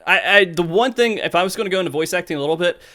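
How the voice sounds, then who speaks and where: A man hosts a relaxed gaming podcast with a slightly higher voice. He talks candidly and rambles, circling back over his own words. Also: rapid-fire. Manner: rambling and candid, with many restarts. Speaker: podcast host. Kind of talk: casual gaming podcast chat.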